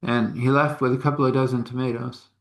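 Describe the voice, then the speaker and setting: A man's voice: medium pitch, level tone, a little fast, creaky. A man telling a story in a casual, folksy way with chuckling asides.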